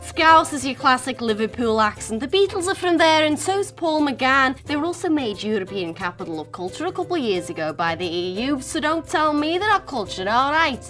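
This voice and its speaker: Woman, RP accent, playful presenter, higher pitch, faint music behind. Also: sing-song, a bit bright. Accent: Received Pronunciation. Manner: chatty, playful, quick switches into character voices. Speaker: host.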